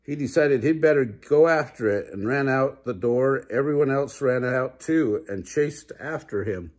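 An older man, a grandfather, reading a children's picture book aloud with expression, slowing down for a character's quoted words. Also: medium pitch. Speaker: storybook reader.

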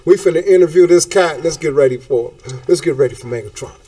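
A man hosting a casual talk show, talking in an animated, slangy way and throwing out hype catchphrases. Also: fairly high pitch, fast talker, far from the mic.

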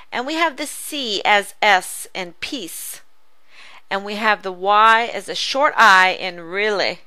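Slow, crisp-voiced woman teaching phonics. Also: mid-range voice, pushed and bright, no echo. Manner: slow, careful, over-enunciated teaching. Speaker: reading tutor. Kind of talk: phonics lesson.

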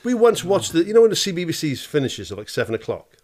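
Middle-aged podcast co-host, blunt and sweary, animated delivery. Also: male voice, a little high, fast. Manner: blunt, sweary, lots of laughing asides. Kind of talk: casual chat.

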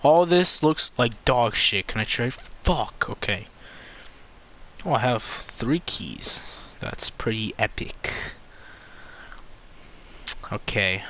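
A man commenting on his own gameplay, swearing a lot and swinging between loud outbursts and low muttering. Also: expressive, takes it slowly, pauses often, a little hiss or hum. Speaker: gamer.

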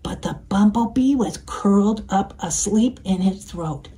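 Woman storyteller for kids, slow, mellow, playful, sing-song. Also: medium pitch, slight background noise, low-quality recording. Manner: gentle and playful, inviting the listener. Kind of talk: reading a picture book to children.

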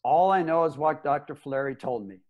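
A man's voice: a little high, moderate pace, phone-quality sound, close to an everyday voice. An actor playing a stubborn old space ranger who narrates his own story in an audio drama, blunt and plainspoken. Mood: defiant. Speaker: narrator and lead character.

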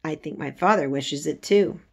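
A woman's voice: low voice, normal speed, creaky, breathy edge, full character voice. A woman reading aloud, voicing a sickly, spoiled boy who sounds cross and resentful. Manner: cross, complaining.

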